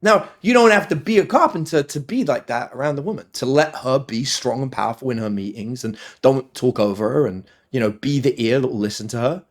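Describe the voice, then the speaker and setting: A man, a dating coach guest on a podcast interview, telling stories with lively, acted-out quotes. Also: medium pitch, a little fast, hardly any pauses. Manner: animated storyteller, acts out quotes in other voices.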